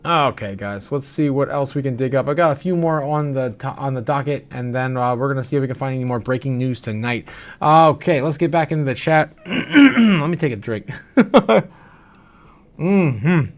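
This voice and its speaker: With a mid-range, expressive voice at normal speed, a crypto livestream host chats loosely through viewer comments. He comes across slightly tipsy and slurred, frequently laughing and saying "uh."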